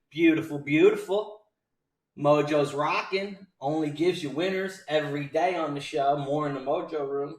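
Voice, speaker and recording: A man hosting a live day trading show, excitedly calling out prices and shouting out names from his chat. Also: on the high side, measured pace, far from the mic. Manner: hyped, rattling off stock prices and chat names. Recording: roomy sound from off-mic.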